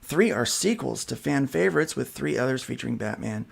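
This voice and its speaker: A man's voice: mid-range voice, lively intonation, a little fast, vocal fry, breathy edge. A man hosting a casual podcast, reading comic news headlines aloud and joking about them. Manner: reads headlines, then jokes. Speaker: podcast host. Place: studio.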